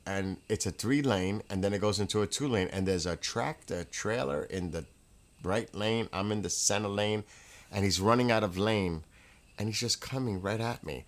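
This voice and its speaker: Man host, somewhat low voice, excitable rambling storyteller, chatting from home. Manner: excitable, with laughs and restarts. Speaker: livestream host. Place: home room with a fireplace.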